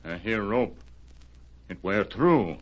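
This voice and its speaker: An actor voicing Tonto in a 1940s radio drama, a stoic companion who speaks clipped, broken English. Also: male voice, on the low side, very animated, slow, highs cut off, full character voice. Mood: calm. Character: stoic adult male Native American companion.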